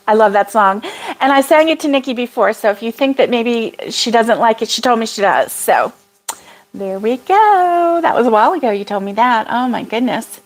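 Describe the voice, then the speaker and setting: A woman's voice: a little high, animated, a little fast. A middle-aged woman, hosting a casual live chat from a cabin, bubbly and greeting viewers by name. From Florida. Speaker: crochet livestream host. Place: mountain cabin indoors.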